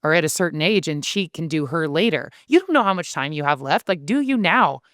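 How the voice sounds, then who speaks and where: A woman who is an author and podcast guest, telling stories in an animated way and acting out the voices she quotes. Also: low voice, a little fast, no room sound, studio quality. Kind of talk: casual podcast conversation.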